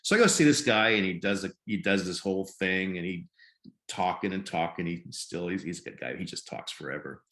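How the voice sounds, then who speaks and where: A man in his fifties from Nebraska, a podcast guest telling his story in a halting way and often repeating words. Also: sits low, expressive, a bit bright. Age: 50s. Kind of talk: conversational storytelling. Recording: roomy echo.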